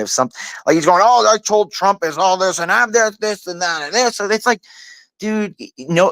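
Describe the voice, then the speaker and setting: A man's voice: mid-range voice, dry recording. A man ranting in heated casual talk, profane and rambling, who keeps saying "like" and "dude" and stumbles over restarts when he gets worked up. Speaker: panel host. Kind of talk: heated casual political rant.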